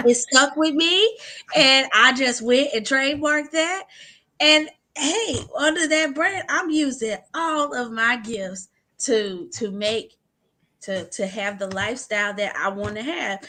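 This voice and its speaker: A woman attorney with a Southern Louisiana twang, chatting lively in a video-call interview and laughing often. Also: high-pitched, measured pace. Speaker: attorney and guest speaker. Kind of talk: virtual summit interview.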